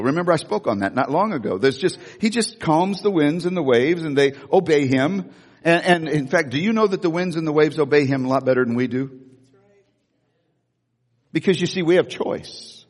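Animated preacher man in a reverberant hall. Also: a little high, moderate pace. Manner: animated, acts out voices, frequent restarts. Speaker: pastor. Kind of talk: sermon with storytelling.

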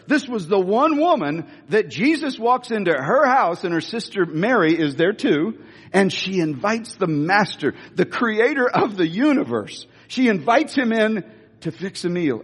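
A man preaching a sermon in an emphatic, animated way, often restarting phrases, recorded with long reverb in a big hall. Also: high-pitched, husky.

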